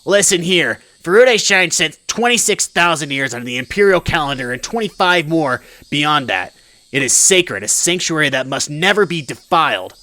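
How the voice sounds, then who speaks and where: Man doing a gruff old mob-boss politician. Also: medium pitch, lively intonation, normal speed, bright, forceful tone, low-quality recording. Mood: angry commanding. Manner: gruff, commanding, threatening.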